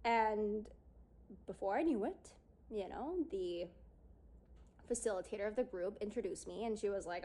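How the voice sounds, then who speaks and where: Woman talking casually to her audience, lots of "like", acts out her old self, mid pitch. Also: lively intonation, normal speed, dark tone. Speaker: speaker on confidence and yoga. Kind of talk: personal storytelling talk.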